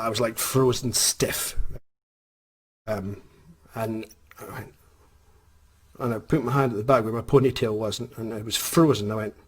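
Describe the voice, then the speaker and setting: Scottish guy vlogging a funny story about himself, husky voice, mid pitch. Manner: animated, self-mocking storyteller who laughs often. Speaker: author and vlogger. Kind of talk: casual storytelling vlog.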